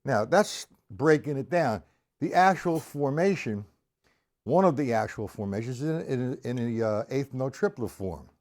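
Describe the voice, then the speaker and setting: A man's voice: medium pitch, lively intonation, moderate pace, noisy background. A middle-aged man teaching drum rudiments on a live stream, counting beats aloud and chatting casually with viewers. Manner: counts beats aloud over his own drumming, chatty asides to viewers. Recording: loud drum kit playing alongside the voice.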